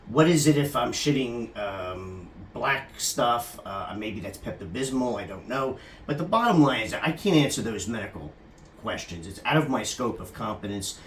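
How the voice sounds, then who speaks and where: A man talks in a loose, crude, joking ramble, often turning to the person filming him. His pitch jumps around a lot as he goes. The room rings with echo and a faint hiss sits underneath. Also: animated, normal speed, fairly bright tone. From California. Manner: rambling, crude and jokey, often addressing the camera operator by name. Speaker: psychotherapist giving a comic talk. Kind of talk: casual comic monologue to the camera operator.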